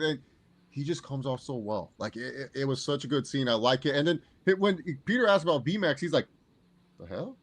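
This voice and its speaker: A man co-hosting a casual movie review podcast, talking with energy, laughing and quoting characters as he goes. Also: mid-range voice. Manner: animated, laughs often, quotes characters. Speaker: podcast co-host.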